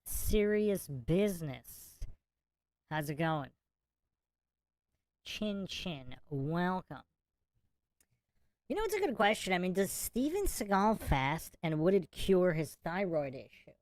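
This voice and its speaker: Chatty laughing livestream host. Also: male voice, high voice, very animated, takes it slowly, pauses often, a little mellow, dry recording. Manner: chatty, laughing between remarks. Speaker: podcast host. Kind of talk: casual livestream commentary.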